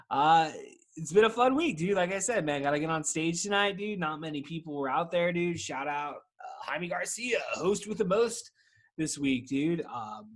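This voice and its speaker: A man's voice: a little high, expressive, measured pace. A young man hosting a podcast, rambling casually with lots of swearing and "dude". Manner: rambling, profane, says "dude" constantly. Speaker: podcast host. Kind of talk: casual chat.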